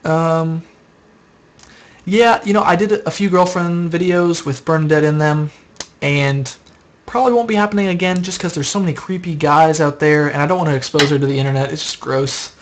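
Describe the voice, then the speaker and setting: A man's voice: on the high side, moderate pace, slight background noise. Tired young man rambling on a stream. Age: young adult. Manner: rambling, casual, answers viewer questions aloud. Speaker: live streamer answering chat. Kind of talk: late-night live stream chat.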